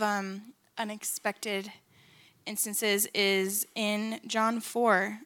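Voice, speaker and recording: A woman's voice: mid-range voice, a bit bright. Young woman teaching in a sermon. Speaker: co-speaker.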